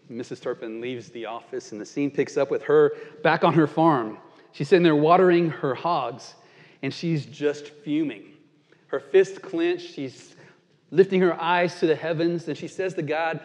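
A man's voice: mid-range voice, a little slow, darkish tone, big-room sound. A male pastor giving a sermon, telling a story in an earnest, conversational way.

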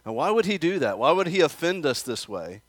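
A man's voice: a little high, sing-song, brisk, slightly rough, no room sound. Man preaching a conversational sermon. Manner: conversational, asks the congregation questions; acts out quoted voices with rising emphasis. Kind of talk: expository sermon. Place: church.

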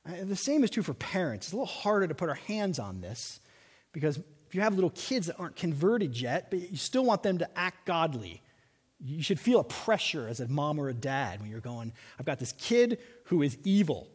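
A man preaching a sermon as pastor, animated, slowing down to stress his points. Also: on the high side, breathy edge. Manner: animated preaching with slow emphatic stretches. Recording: long reverb of a large hall.

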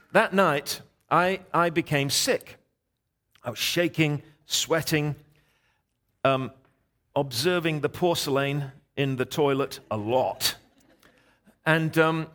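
A middle-aged man preaching as a guest, telling a story in a lively, animated way and voicing the people in it. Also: on the high side. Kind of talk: sermon storytelling.

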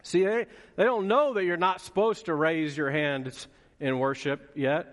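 A male pastor delivers a lively, conversational sermon, slipping in jokes as he goes. His voice sits fairly high for a man. It carries through a church auditorium with a long, ringing reverb. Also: a little slow. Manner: energetic, conversational preaching with humor.

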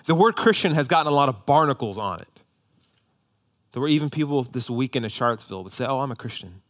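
A man preaching a sermon to a congregation, animated, with rising emphasis and joking asides. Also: mid-range voice, fast talker. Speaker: pastor. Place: church hall before a congregation.

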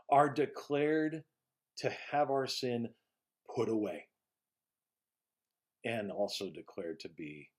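Preaching a devotional sermon at a slow, emphatic pace, a male pastor speaks at medium pitch, raising his voice on important words and letting it fall gently at the close of phrases.

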